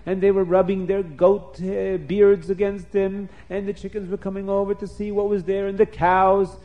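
A man telling a story to children, animated and stopping to explain words. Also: sits high, normal speed, lo-fi sound.

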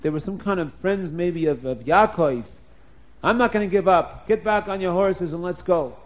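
A man voicing a stubborn, angry warlord who talks in a gruff, dismissive way. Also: sits high, normal speed, natural voice. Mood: defiant.

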